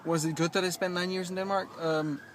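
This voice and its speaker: A man speaking casually outdoors on a rooftop, his voice sitting a touch higher than most men's. He hesitates often, filling gaps with ums and restarting words, yet settles into a reflective, reassuring coaching tone. Faint traffic hums behind him. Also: flat delivery, fairly quick. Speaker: life coach. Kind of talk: casual vlog monologue.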